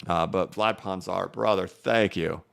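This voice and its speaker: A man's voice: low voice, steady tone, measured pace, creaky, fairly bright tone. A male crypto livestream host chatting loosely with many fillers while reading out viewer comments.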